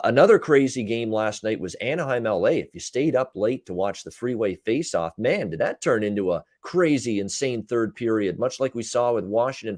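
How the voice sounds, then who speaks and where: A man hosting a casual sports betting chat, recapping games in quick runs with frequent "uh" fillers. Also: on the low side, darkish tone, dry recording, clean studio sound. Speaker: betting show host and handicapper.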